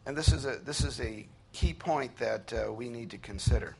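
A man preaching an earnest sermon, slowing down and lifting his voice when he reads scripture aloud. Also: mid-range voice, vocal fry, a little mellow, slight background noise. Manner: earnest preaching, slows and rises to read scripture. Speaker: pastor.

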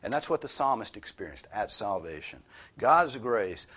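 A man delivers a sermon in a somewhat low, husky voice. His pitch moves widely and expressively, and he leans hard on key words before falling to a hushed near-whisper. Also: big pitch swings, moderate pace. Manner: emphatic, swings from loud stress to hushed near-whisper. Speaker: preacher. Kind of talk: expository sermon.

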